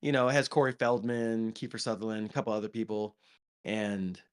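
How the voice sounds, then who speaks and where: A man with a smooth, lowish voice and steady tone co-hosts a podcast, speaking a little fast. His casual movie chat rambles, peppered with ums and restarts.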